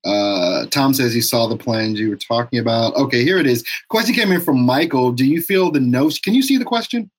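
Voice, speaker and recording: A man hosting a casual live-stream interview, relaxed and laughing often. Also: medium pitch, a little fast, few pauses, breathy edge. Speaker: show host.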